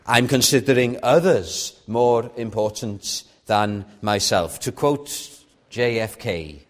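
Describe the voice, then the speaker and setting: A man's voice: medium pitch, slow pace. Male preacher, mid voice, earnest and personal, sermon delivery. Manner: earnest, personal, with sudden soft drops and raised stresses.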